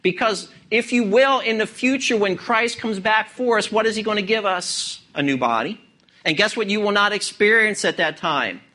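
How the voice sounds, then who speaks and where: A man preaching a sermon in a high voice. His tone is bright and forceful, and he leans on key words and fires rhetorical questions at the congregation. He speaks as the pastor of the church. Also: normal speed. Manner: expository preaching with rhetorical questions and emphatic stresses.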